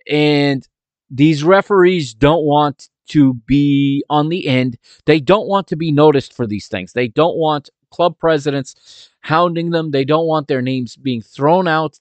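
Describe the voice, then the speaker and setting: A man talks alone into a close, dry mic and recaps a football match for his podcast. His voice is smooth and resonant and sits in a middle register. He tells it as an animated story and often restarts his sentences. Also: medium pitch, no room sound. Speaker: podcast host.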